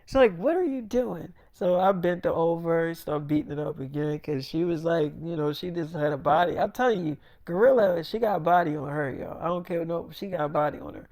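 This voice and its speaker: A man's voice: fairly high pitch, a little fast, few pauses, a little mellow, dry recording. A man telling a crude story in a loose, rambling way, quoting both sides of the talk. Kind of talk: casual freestyle storytelling.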